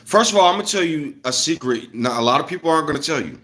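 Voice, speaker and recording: A young man from Illinois ranting casually on a livestream, loose and animated, jumping from loud bursts to muttered asides. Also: a little high, very fast. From Illinois, USA. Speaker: streamer.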